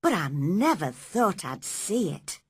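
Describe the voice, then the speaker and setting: A gentle, cheerful country boy, played by a woman reader, talks in an easy, unhurried way. The voice is soft and a little breathy, recorded dry and close. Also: fairly low pitch, very animated, dry recording, heavily acted.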